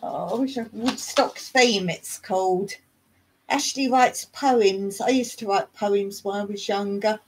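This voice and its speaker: Hosting a relaxed live chat, a middle-aged woman from England talks chattily, reads things aloud and breaks into snatches of songs. Her medium-pitched voice is fairly even and unhurried, and the rough recording carries a bit of hiss or hum.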